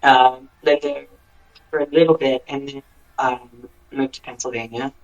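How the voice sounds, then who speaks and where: Ein Mann aus den USA, Countrysänger, spricht als Gast in einem lockeren Interview. Er redet ernsthaft und nachdenklich, setzt oft neu an und füllt Pausen mit kleinen Füllwörtern. Seine Stimmlage liegt im mittleren Bereich. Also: male voice, medium pitch, steady tone, lo-fi sound. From United States. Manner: earnest, thoughtful, many restarts and fillers. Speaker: guest, country singer. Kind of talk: casual interview chat.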